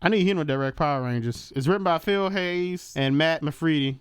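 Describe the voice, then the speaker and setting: A man co-hosting a podcast, telling a movie recap in a joking, slangy, animated way. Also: a little high, fairly quick, smooth, dry recording, studio quality. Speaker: podcast co-host. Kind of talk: casual movie recap chat.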